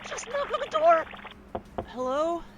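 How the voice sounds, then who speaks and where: A woman's voice: very high-pitched, very animated, measured pace, noisy background, exaggerated voice. A woman voicing an awkward young game heroine. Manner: hesitant, apologetic. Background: loud game music.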